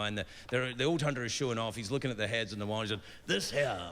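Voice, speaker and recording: On stage in front of an audience, a middle-aged comedian speaks in a medium-pitched voice that sounds pushed and bright. His rambling stories keep veering off track and into silly voices, captured as live stage sound with long reverb and a slight hiss or hum.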